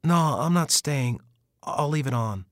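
A man's voice: on the high side, lively intonation, no echo, clean studio sound, pitched above the performer's own voice. A man doing a defeated, mumbling middle-aged son. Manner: halting, mumbling.

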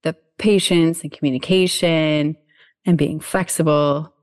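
A woman's voice: low-pitched, fairly even intonation, measured pace, a little mellow. A woman chatting casually, enthusiastic and agreeable, laughing easily. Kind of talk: casual chat.

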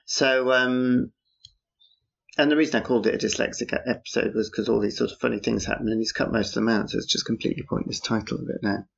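A man's voice: medium pitch, steady tone, fast, gravelly. A man talking outdoors on a street at night in a rambling, casual monologue, with wry, dryly sarcastic asides. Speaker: podcaster. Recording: dull, muffled lo-fi recording.

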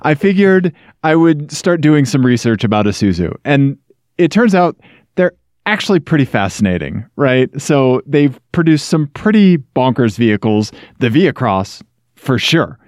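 A man's voice: medium pitch, unhurried, no room sound, clean studio sound. Chatty man co-hosting a podcast. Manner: animated, chatty, jokey. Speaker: podcast co-host. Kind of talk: casual chat.

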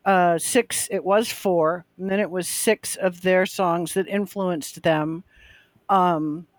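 A woman's voice: on the low side, fairly even intonation, slow pace, dry recording. A woman, a drummer and guest on the show, chatting casually and telling stories with quoted back-and-forth. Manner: chatty, storytelling with quoted exchanges. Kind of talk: casual chat.

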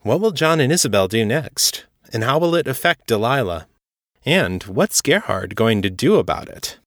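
A man reading his own first-person fiction as a podcast host, steady and matter-of-fact. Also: medium pitch, normal speed, no echo, clean studio sound. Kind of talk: first-person story narration.

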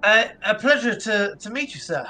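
A man's voice: high-pitched, very animated, bright, forceful tone, soft background music, exaggerated voice. A man voicing a pompous male merchant in a tabletop game. He speaks formally and halts often. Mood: polite. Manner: halting and formal, full of hesitations.

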